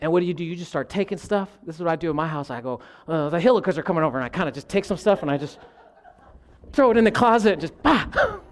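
High-pitched, animated preacher man. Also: fast talker. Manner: animated preaching, addresses the congregation as y'all. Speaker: pastor. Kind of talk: sermon.

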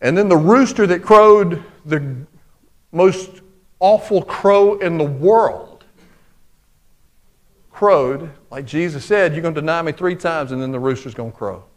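Male pastor, high-pitched, folksy sermon delivery with big swings between loud and hushed. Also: a little slow. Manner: folksy, conversational preaching with lots of y'all and man.

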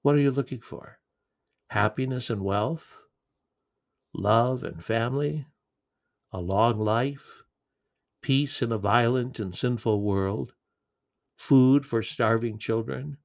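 Gravelly-voiced man preaching gently. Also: mid-range voice, slow, pauses often. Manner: earnest, gentle delivery with occasional repetitions. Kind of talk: sermon.

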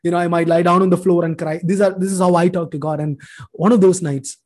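A man's voice: sits high, steady tone, fast talker, a little mellow. A man, telling his life story in an earnest, emotional testimony sermon. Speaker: preacher giving a testimony.

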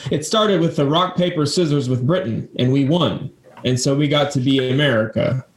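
A man co-hosting a podcast, joking with deadpan, silly bits. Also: mid-range voice, moderate pace. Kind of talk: casual chat. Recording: roomy echo.

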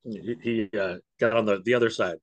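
A man co-hosting a podcast, chatting and joking in an animated way. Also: on the low side, a little fast, no room sound, highs cut off. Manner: jokey, animated. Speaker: podcast co-host. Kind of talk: casual chat.

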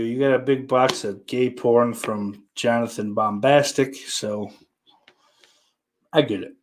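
A man hosting a livestream who chats casually with viewers, crude and profane, rambling and then breaking into sudden loud greetings. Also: mid-range voice, moderate pace. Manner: crude and profane, talks to chat. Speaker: livestream host.

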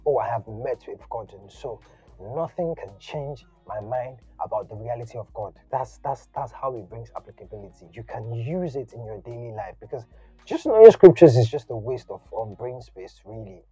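A man giving a casual, conversational sermon, animated and slangy in his asides. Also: mid-range voice, normal speed, slightly rough. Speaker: preacher. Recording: dull lo-fi audio, faint music.

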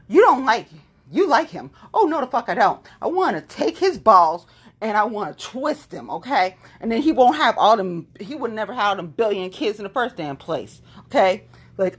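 A woman's voice: medium pitch, animated, normal speed, slightly rough. A woman hosting her podcast from home, talking casually in a blunt, heavily profane, rambling way. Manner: loose, rambling storytelling. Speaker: podcast host. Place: at home, standing on a balance board.

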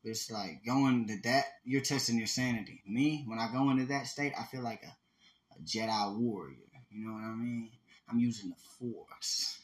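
A man's voice: mid-range voice, normal speed. A man co-hosting a podcast, chatting casually in a rambling, profane way. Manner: rambling, profane, laughs and breaks into loud animated voices. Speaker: podcast co-host. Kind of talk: casual chat.

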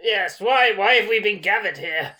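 A man playing a tabletop game in character, talking in a hesitant, halting way. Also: sits high, expressive, a loud crowd. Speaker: player. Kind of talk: in-character tabletop role-play.

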